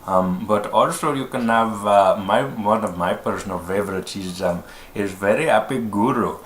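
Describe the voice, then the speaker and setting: A man's voice: lowish voice, moderate pace, natural voice. A man voicing a cheerful Indian guru who speaks in an upbeat, soothing way. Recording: echoey room, faint noise.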